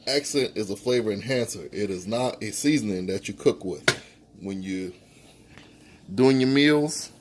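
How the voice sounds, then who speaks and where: A man giving a casual home cooking tutorial in a relaxed, folksy way, talking through each step at the stove. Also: on the low side, a little hiss or hum. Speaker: home cook. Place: home kitchen, stove sizzling behind.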